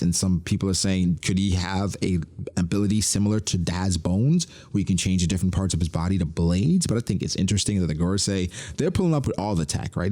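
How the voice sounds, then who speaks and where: A man with a low voice chats about a manga chapter in loose slang. His pitch swings widely, and he laughs often while acting out the characters' lines. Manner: animated, laughs often, slangy, acts out quotes. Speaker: podcast host reviewing a manga chapter. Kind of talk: casual chat.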